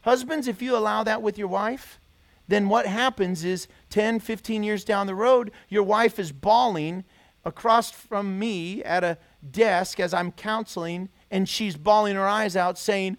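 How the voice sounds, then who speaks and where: A man's voice: high voice, steady tone, a little slow. A man preaching a sermon as pastor, pressing his listeners with repeated rhetorical questions.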